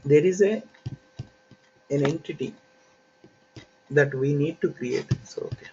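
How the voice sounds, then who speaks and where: A man teaching an online software training class, explaining concepts step by step in an unhurried way with frequent fillers. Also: fairly high pitch. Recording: dull lo-fi audio with faint hiss.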